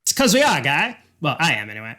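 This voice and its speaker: A man's voice: on the high side, huge pitch swings, quick pace, bright, forceful tone, voice pushed down, exaggerated voice. A man voicing a boastful male Canadian hero toy in an exaggerated cartoon Canadian accent, calling people "guy.". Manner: cocky, says "guy" a lot.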